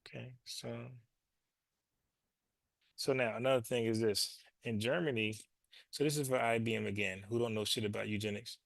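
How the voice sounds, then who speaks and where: A man's voice: mid-range voice, steady tone, normal speed, vocal fry, pauses often, no echo. A man hosting his own show, talking loosely and profanely and doubling back on his words as he explains. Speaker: show host. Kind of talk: casual commentary monologue.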